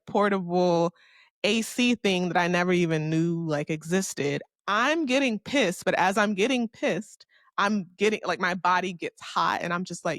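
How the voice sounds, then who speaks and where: A young woman from Miami tells a story on her solo podcast, candid and chatty, with a voice of middle pitch. She curses freely and argues with herself out loud. The sound is dry and close, with no room around it. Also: dry recording. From Miami, Florida. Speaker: podcast host.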